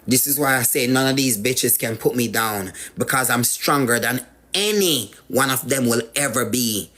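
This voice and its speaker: A man's voice: mid-range voice, normal speed, pushed and bright. A man with a Jamaican accent tells a personal story as a guest, repeating phrases for emphasis. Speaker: guest sharing life story.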